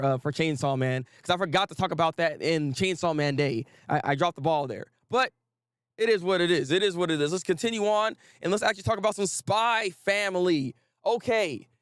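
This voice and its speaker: A fairly high-pitched man hosting a casual anime talk stream. He speaks with lively, slangy enthusiasm, often repeating himself and calling out viewers by name. The sound is close and dry, with no room echo. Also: fairly quick. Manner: animated, repetitive, slangy, greets chat viewers. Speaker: host.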